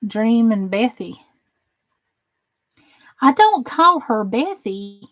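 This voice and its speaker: Sing-song, slow, and fairly bright, her slightly high voice carries a Southern American accent. The middle-aged crafting channel host chats and jokes through her livestream, reading out viewers' comments and answering them.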